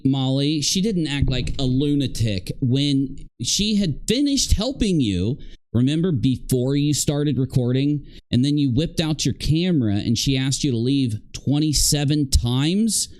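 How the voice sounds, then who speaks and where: Animated, indignant male commentator. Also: fairly high pitch. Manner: indignant, scolding the people on screen. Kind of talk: reaction commentary on a livestream.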